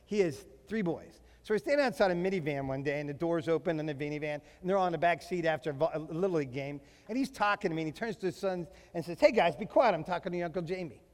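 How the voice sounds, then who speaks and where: A middle-aged man delivering a sermon in a large hall, his voice sitting high for a man. He leans hard on key words, drawing them out slowly, and tells funny stories about his own family. A long echo trails after him through the room. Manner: emphatic, slows down to stress key phrases, mixes in humorous family stories. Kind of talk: sermon to fathers.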